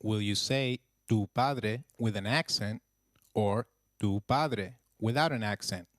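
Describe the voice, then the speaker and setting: A man narrating a scripted language lesson in an even teaching voice, slowing down to model phrases. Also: fairly low pitch, no echo, clean studio sound.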